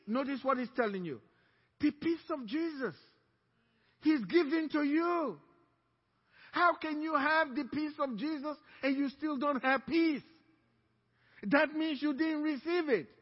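A man's voice: very high-pitched, in a large hall, dull audio. A man preaching as a pastor, with emphatic delivery that draws the congregation in to repeat lines after him. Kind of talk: sermon. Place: church sanctuary.

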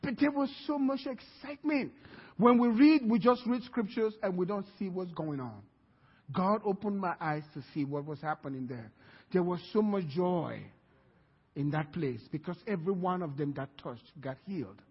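A man preaching a sermon as pastor, telling the story in a lively way and acting out scenes in different voices. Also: high voice, normal speed, slightly rough. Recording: reverberant hall, dull sound.

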